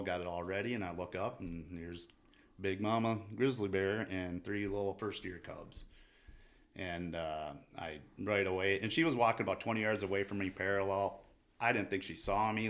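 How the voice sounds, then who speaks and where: Low-voiced man telling a hunting story. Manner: relaxed, halting retelling with restarts. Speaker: guest. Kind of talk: casual storytelling.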